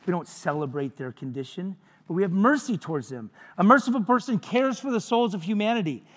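A man's voice: sits high, lively intonation, a little fast, hardly any pauses, a bit bright, big-room sound. A man preaching a sermon as pastor, conversational and jokey, with frequent asides to the congregation.

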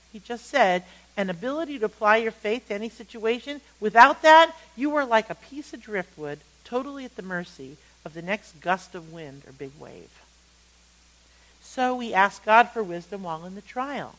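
A woman leading a Bible study lesson, speaking at a middle pitch. She retells scripture stories with animated storytelling and often slips into acted-out quotes. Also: poor audio.

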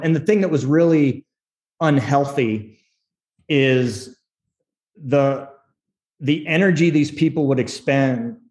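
A middle-aged screenwriter telling candid stories in an interview, acting out quotes and laughing often. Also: male voice, mid-range voice. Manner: animated storyteller, acts out quotes, laughs often. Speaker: screenwriter guest.

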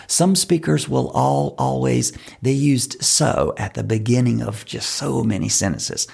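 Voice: mid-range voice, very animated, unhurried, vocal fry, few pauses, a little mellow, husky. A coach for fundraisers teaching public speaking in an instructional talk, emphatic and repeating key words.

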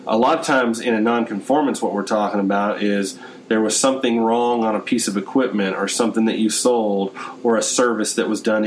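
A low-pitched man leads a business chat, laying out his points in a steady, explanatory way with frequent "you know"s. A faint hum of noise sits behind his voice. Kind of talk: conversational business podcast.

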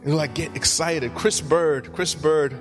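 A man's voice: on the high side, steady tone, a little slow, over music. A man, a pastor, preaching a sermon in church and telling funny stories with acted-out quotes. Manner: humorous storytelling, acts out quotes.

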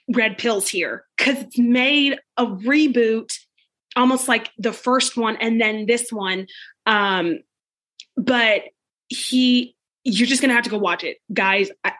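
A woman hosting a casual vlog from her living room, gushing and excitable, rambling with many restarts. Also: fairly high pitch. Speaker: vlogger host.

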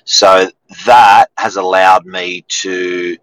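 A man's voice: deep voice, fairly even intonation, extremely slow, fairly bright tone, rough recording. A man co-hosting a casual chat, talking with hesitant restarts and fillers. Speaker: co-host.

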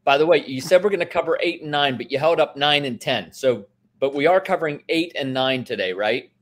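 A man's voice: on the high side, brisk. A man who is an investment expert, explaining in casual talk and often checking in with the listener. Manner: explains with many "right?" tags and restarts.

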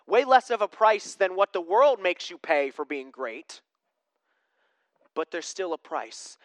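A pastor giving a sermon in a conversational way, asking the congregation questions and swinging between emphatic preaching and hushed tones. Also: mid-range voice, big pitch swings, unhurried, no echo.

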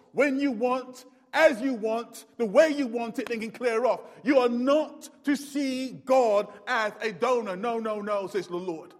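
A man preaching a sermon, swinging between loud emphatic lines and low, quiet ones. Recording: long hall reverb.

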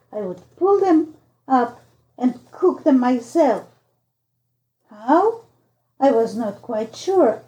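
Woman reading a storybook, slow and measured, gravelly, muffled lo-fi. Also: a little high, dark tone, roomy sound. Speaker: audiobook narrator. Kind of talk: storybook narration.

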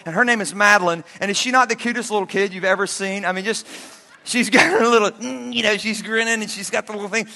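A middle-aged male pastor preaching a sermon, telling stories with animated energy and bursts of shouting. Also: sits high. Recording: long hall reverb.

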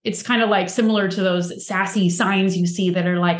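A woman chats in a loose, reflective way and leans on lots of fillers. Her voice has an average pitch. The sound is roomy and echoey. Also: steady tone, brisk, few pauses. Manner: chatty, filler-heavy, reflective. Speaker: podcast co-host. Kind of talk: casual chat. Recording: roomy echo.

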